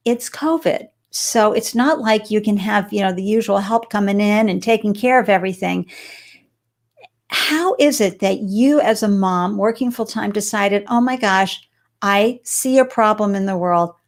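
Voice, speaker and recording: A woman's voice: mid-range voice, normal speed. A woman from Boston hosting a live-stream interview show, bubbly and effusive as she welcomes viewers and her guest. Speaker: host.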